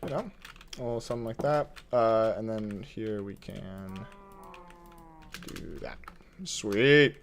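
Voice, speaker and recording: A man's voice: fairly low pitch, takes it slowly, creaky, long pauses, slight background noise. A man streaming a building game from his desk at home, thinking aloud in casual commentary, reading chat and chuckling often.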